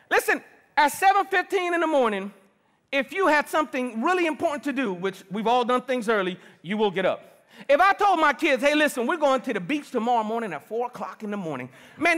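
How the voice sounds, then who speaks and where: A middle-aged man preaching a sermon as pastor, lively and personal, calling on the congregation. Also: extremely high pitch. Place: large church hall. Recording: long reverb of a big hall.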